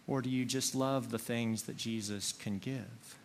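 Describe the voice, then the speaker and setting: A man preaching a sermon, slow and earnest, leaning on single words for emphasis. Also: mid-range voice, fairly even intonation, a little hiss or hum. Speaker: pastor.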